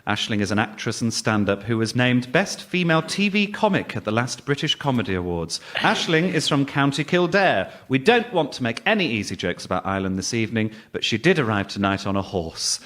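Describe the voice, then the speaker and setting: Teasing Birmingham-accented panel show host. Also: male voice, mid-range voice, very animated, a little fast, few pauses, fairly bright tone. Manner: jokey, teasing. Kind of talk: radio panel show hosting.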